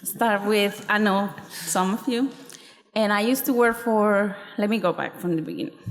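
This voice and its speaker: A woman giving public comment at a school board meeting, halting and emotional, apologizing as she speaks. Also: medium pitch. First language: not English. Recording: reverberant hall.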